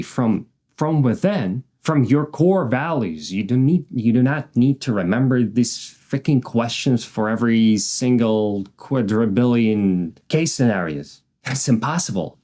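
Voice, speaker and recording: A man giving an emphatic, animated self-help talk, now and then swearing for emphasis. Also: mid-range voice.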